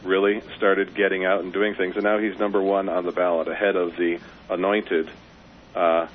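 A man's voice: sits low, level tone, normal speed. A male caller from Colorado on a radio show, speaking earnestly and persuasively with some fillers. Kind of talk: phone-in talk. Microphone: telephone. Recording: tinny phone line with faint hiss.

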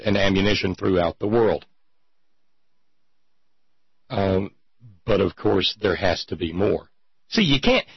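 A man's voice: medium pitch, breathy edge, dry recording, muffled recording. A man hosting a talk show, ranting sarcastically with lots of restarts. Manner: sarcastic, animated rants with many restarts. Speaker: podcast host. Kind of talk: casual political talk show chat.

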